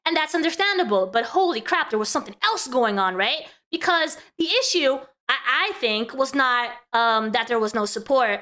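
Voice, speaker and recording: Chatty girl streamer, high and bright, laughs a lot talking to chat. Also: animated, moderate pace. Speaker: vtuber host. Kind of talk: casual drama commentary stream.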